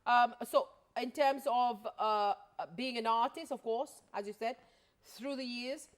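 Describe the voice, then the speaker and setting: A woman hosting an interview, bubbly and quick to laugh. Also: on the high side. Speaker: TV host.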